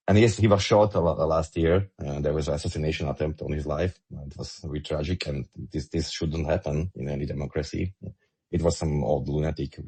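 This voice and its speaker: Very deep-voiced husky Slovak man. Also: a little mellow. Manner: emphatic, stumbling over repeated words. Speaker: guest commentator. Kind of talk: online audio discussion.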